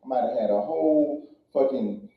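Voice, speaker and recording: A man's voice: mid-range voice, normal speed. A man from Louisiana doing a loose, profane stand-up set, telling a story and throwing questions at the crowd. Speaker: stand-up comedian. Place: comedy club stage. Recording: echoey club from far off, dull sound.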